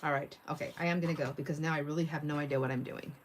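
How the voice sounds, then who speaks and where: A middle-aged woman hosts a casual crafting livestream, chatting, laughing a lot, and reading viewers' comments aloud as she works. Her low voice stays fairly even while she talks very fast over heavy background noise.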